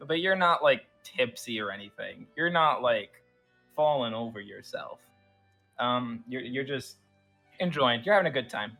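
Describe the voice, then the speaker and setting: Young male dungeon master, bright, slightly high voice, loose narration, faint music underneath. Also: measured pace, creaky. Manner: relaxed, filler-heavy narration. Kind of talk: narrating a tabletop game.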